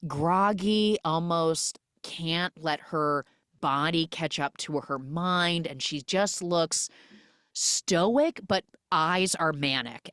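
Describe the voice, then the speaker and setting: A woman podcast host casually recapping a film, retelling it in an animated way with lots of "like" fillers. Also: low voice, no room sound, clean studio sound.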